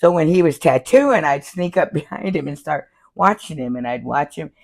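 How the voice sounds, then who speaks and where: An older woman from Florida, a tattoo artist telling lively stories in an interview, laughing often and acting out the people she quotes. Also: low voice, normal speed, vocal fry. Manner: animated, laughs often, acts out quoted voices. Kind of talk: casual storytelling interview.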